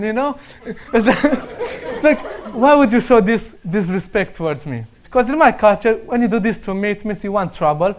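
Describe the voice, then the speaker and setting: A man's voice: high voice, expressive, normal speed, a little hiss or hum. A young man from Romania with a Romanian accent, telling casual stories and laughing often as he talks. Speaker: speaker sharing stories. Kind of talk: casual storytelling.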